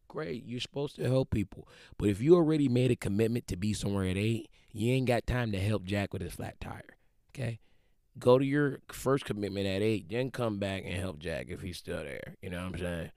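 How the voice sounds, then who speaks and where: A man in his twenties giving a casual motivational talk, slangy and animated, acting out quick quoted voices. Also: on the low side, gravelly, no room sound, studio quality. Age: 20s.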